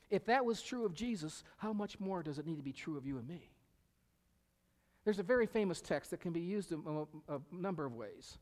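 A man's voice: a little high, expressive, fairly quick, a little mellow. A middle-aged male pastor preaching a sermon, emphatic, repeating key phrases and sometimes dropping to a whisper. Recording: long reverb of a hall.

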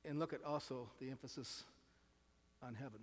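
A man's voice: mid-range voice, moderate pace. A man preaching a sermon in an earnest way, often repeating words and asking his listeners questions. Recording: reverberant hall.

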